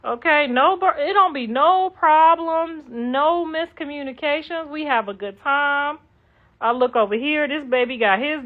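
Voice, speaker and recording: A woman's voice: high voice, lively intonation, a little slow. A middle-aged woman hosting a livestream, chatting casually and reading comments in a blunt, profane, sassy way. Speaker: livestream host. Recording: dull lo-fi livestream audio.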